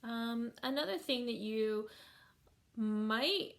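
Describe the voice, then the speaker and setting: Patient woman teacher, creaky voice. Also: fairly high pitch, lively intonation, fairly bright tone. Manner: patient, slow, sounds words out syllable by syllable. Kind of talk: recorded remote lesson for families.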